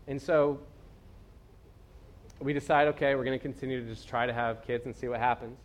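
A man's voice: mid-range voice, steady tone, a little fast, long pauses. A young adult man preaching in a casual, storytelling way, full of fillers and asides. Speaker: pastor. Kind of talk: conversational sermon.

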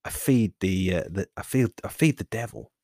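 A man's voice: on the low side, normal speed, mellow, no room sound. A man hosting a fitness podcast, talking in a rambling, self-correcting monologue. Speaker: podcast host.

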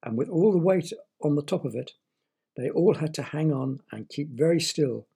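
A man's voice: fairly high pitch, lively intonation, moderate pace, gravelly, dark tone, husky. A man telling a children's story, playful and asking the young listeners questions.

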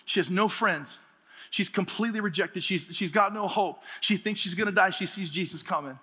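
High, bright-voiced man preaching a sermon. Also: moderate pace, slightly rough. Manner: animated, humorous storytelling with laughter; preaching with rising emphasis. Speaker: pastor. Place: church sanctuary. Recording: reverberant hall with faint music.

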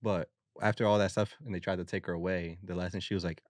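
A young man co-hosting a podcast, telling stories in a laid-back, slangy way. His voice sits very low, and the sound is close and dry with no room around it. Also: fairly even intonation, fast, darkish tone, no room sound. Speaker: podcast host. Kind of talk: casual chat.

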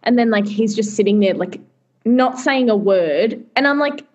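A young woman chatting as a podcast co-host. She is talkative and laughs easily, and she slips into quick impressions of family members while telling stories. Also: fairly high pitch, animated, a little mellow, highs cut off. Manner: chatty, laughs often, mimics family in quoted voices. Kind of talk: casual chat.

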